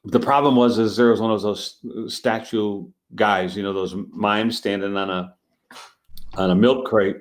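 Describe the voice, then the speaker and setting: A man's voice: lowish voice, a little slow. A man, a street magician, telling a story in a casual interview, acting out the other people's lines as he goes. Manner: animated storyteller acting out dialogue.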